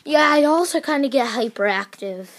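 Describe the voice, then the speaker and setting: A woman telling a plush toy story in a rambling, excitable way, full of fillers and sudden shrieks. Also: normal speed. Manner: excitable, breaks into shrill screams.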